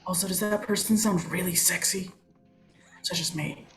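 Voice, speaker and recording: A woman's voice: lowish voice, moderate pace, soft background music. Woman player asking curious questions. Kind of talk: tabletop role-play.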